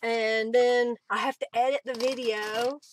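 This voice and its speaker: High-voiced chatty woman livestreaming. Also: steady tone, unhurried, slight background noise. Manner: chatty, greets viewers by name, laughs often. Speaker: craft livestream host. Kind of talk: casual live-stream chat while crafting.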